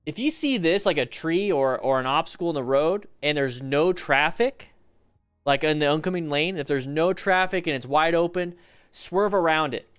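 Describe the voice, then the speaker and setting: A chatty, excitable man hosts a livestream, talking fast over riding clips. His voice sits a bit high, and faint music plays behind him. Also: smooth. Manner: excitable, chatty, swears and greets viewers. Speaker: livestream host reacting to motorcycle videos. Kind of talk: casual livestream commentary.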